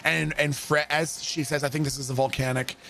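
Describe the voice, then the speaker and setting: A man's voice: a little high, flat delivery, brisk, gravelly, slight background noise. A man streaming a game, telling stories in a casual, profane way and often breaking into laughter. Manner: profane, laughing, swings into loud shouted impressions. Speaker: livestreamer. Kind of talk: casual storytelling while gaming.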